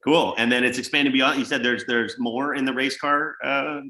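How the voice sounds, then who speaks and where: A man hosting a casual interview, asking questions in a relaxed way with restarts. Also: medium pitch, normal speed, reverberant. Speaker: host, interviewer.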